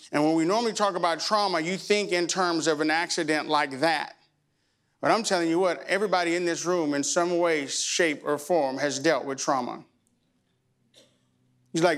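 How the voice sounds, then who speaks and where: Middle-aged male pastor, smooth, resonant voice pitched a little high, emotional storyteller turned fervent preacher. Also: a bit bright. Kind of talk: sermon. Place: church.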